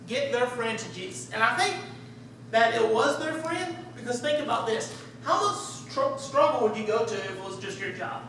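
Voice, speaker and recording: A man giving a conversational sermon, animated and acting out the voices of people in the story. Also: extremely high pitch. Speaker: preacher. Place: church sanctuary. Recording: echoey room, distant mic, faint hiss.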